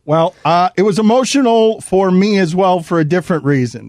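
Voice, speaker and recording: A man's voice: high voice, lively intonation, brisk, hardly any pauses, darkish tone, no room sound, clean studio sound. A man hosting a sports radio show, teasing his co-hosts in comic banter. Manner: mocking, theatrical teasing.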